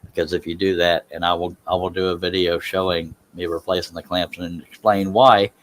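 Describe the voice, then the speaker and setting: A man's voice: low-pitched, flat delivery, a little fast, a bit bright, slight background noise. A man chatting casually on a live stream while he works in his workshop. He talks in a rambling, self-deprecating way and laughs at himself.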